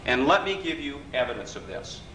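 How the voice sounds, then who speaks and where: A man leads a live workshop in a hotel function room, speaking briskly in a mid-range voice that is pushed and bright, with big pitch swings. He talks conversationally and often checks whether the audience agrees, recorded from afar in an echoey room with faint hiss.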